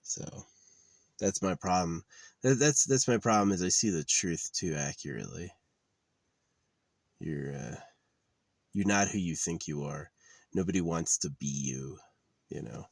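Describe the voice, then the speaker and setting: Low-voiced man in a bitter, halting monologue. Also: animated, vocal fry, no echo. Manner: halting, many restarts, bitter and blunt. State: tearful. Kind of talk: rambling personal monologue.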